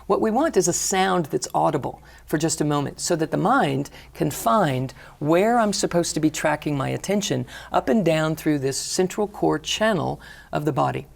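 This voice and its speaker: A middle-aged woman, a healing teacher, calmly guiding a breathing exercise and talking about her work in an interview. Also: low-pitched, gravelly. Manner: calm, slow guiding cues. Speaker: energy healing teacher, guest. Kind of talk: guided breathing instruction and interview.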